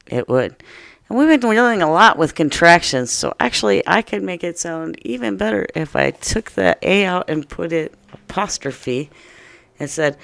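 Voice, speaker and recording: A woman teaching a first-grade lesson, speaking slowly and playfully to young children. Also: lowish voice, animated, creaky, a bit bright, no room sound, studio quality.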